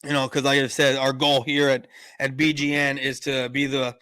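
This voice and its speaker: A man's voice: medium pitch, level tone, moderate pace, pushed and bright, clear, resonant tone. A man hosting a casual sports live stream, rambling and argumentative. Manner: rambling, lots of fillers and restarts, argumentative.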